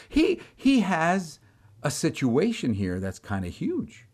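A man's voice: a little high, wildly swooping pitch, measured pace, darkish tone, breathy edge. A middle-aged man, a preacher, telling a dramatic, exasperated story in a storytelling sermon.

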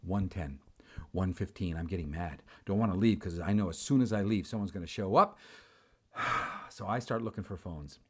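A man preaching, telling a personal story with animated delivery, acting out the dialogue and repeating words. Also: low voice, moderate pace. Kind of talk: storytelling sermon.

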